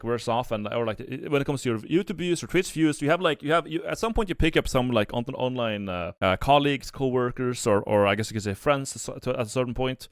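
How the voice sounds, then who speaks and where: Young male streamer, casual reaction commentary, halting and profane, very dry close sound. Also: medium pitch, no room sound. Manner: rambling, many restarts and fillers, blunt profanity.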